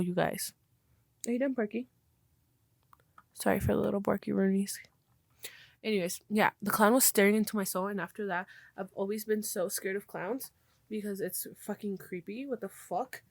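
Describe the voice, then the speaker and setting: A woman's voice: medium pitch, steady tone, normal speed, vocal fry, dry recording. A young woman hosting a podcast, telling stories in loose casual chat, swearing freely and slipping into Spanish. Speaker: podcast host.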